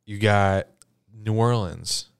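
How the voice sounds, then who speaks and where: A man's voice: lowish voice, takes it slowly, creaky, a crowd in the background. A man chatting casually as a podcast co-host, blunt and joking, swearing freely. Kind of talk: casual chat.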